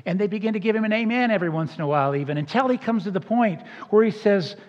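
A man's voice: high-pitched, animated, fast talker. A man preaching a sermon as a pastor, conversational and emphatic, with casual asides to the congregation. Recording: dull sound with long hall reverb.

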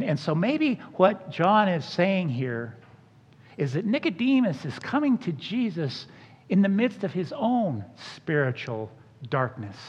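A man preaching a sermon in a lively, conversational way, acting out the people he quotes. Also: a little high. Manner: animated, acts out quoted voices. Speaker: pastor. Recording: dull sound with long hall reverb.

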